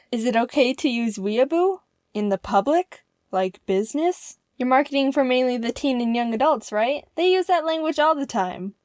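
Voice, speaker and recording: A woman telling a funny personal story in an animated, playful style, with quick jokes. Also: high voice, no echo, studio quality.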